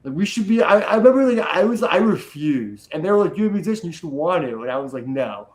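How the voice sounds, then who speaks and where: A man's voice: on the high side, very animated, quick pace, darkish tone, rough recording. A young man talking casually, swearing freely and rambling with energy. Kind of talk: casual chat.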